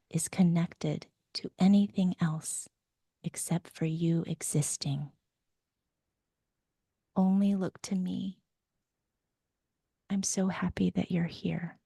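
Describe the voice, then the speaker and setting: A woman in whispered role-play, voicing a nurturing adult inner self who soothes slowly and softly. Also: fairly low pitch, creaky, slightly rough, no room sound, studio quality, heavily acted. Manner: soft, slow, soothing.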